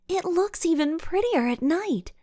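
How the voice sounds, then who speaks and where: Woman doing a giggly kid detective girl, high and bouncy, teasing, dry close sound. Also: lively intonation, measured pace, dark tone, no room sound. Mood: bubbly. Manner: bubbly, teasing. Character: excitable young girl detective, playful. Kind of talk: audiobook character voice.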